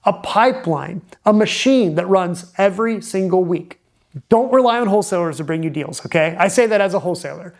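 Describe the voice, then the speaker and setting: A man's voice: high voice, darkish tone. A man who is a real estate investor, giving direct-to-camera advice in an emphatic, punchy coaching manner.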